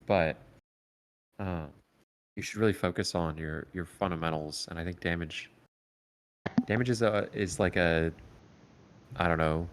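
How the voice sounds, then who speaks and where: A man coaching a competitive team over voice chat, giving calm, step-by-step strategy advice with frequent "um"s. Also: sits low, unhurried, long pauses, a little hiss or hum. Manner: calm, explanatory, filler-heavy advice. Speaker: esports coach.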